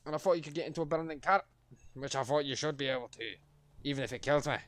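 A man's voice: on the high side, fast talker, fairly bright tone, no echo. A young man, livestreaming a game and ranting profanely at the characters on screen. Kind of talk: live gameplay commentary.

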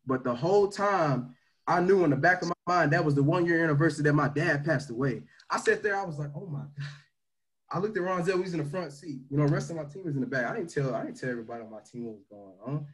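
A man leading a motivational livestream talk on leadership, energetic and slangy, swinging between loud pushes and quieter asides. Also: fairly high pitch, quick pace, low-quality recording. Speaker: team leader teaching leadership.

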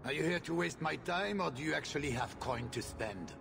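A gravelly, dismissive game shopkeeper. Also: male voice, on the high side, a little fast, fairly bright tone. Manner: curt, dismissive. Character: surly city shopkeeper man, impatient and snobbish. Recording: distant game audio with crowd noise.

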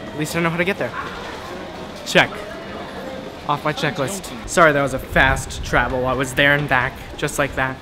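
A man's voice: medium pitch, steady tone, moderate pace, long pauses. A young man talking casually to the camera in an upbeat, chatty, self-joking way. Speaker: vlogger. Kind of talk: casual vlog talk to camera. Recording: music playing under the voice.

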